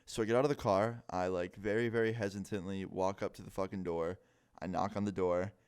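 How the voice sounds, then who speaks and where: A man's voice: deep voice, steady tone, a little fast, darkish tone, clear, resonant tone. A young man telling a scary story to camera in a casual, swear-heavy vlog style, saying "like" a lot. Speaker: vlogger. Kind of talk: storytime monologue.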